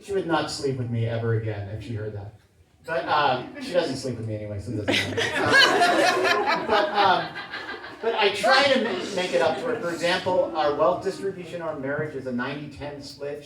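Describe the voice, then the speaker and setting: Guy doing deadpan standup, kinda high voice, bouncing all over, echoey club mic from far off with crowd laughing. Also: a little fast. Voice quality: deadpan, self-deprecating delivery. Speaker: stand-up comedian. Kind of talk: stand-up comedy set. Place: small comedy club. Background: audience laughter.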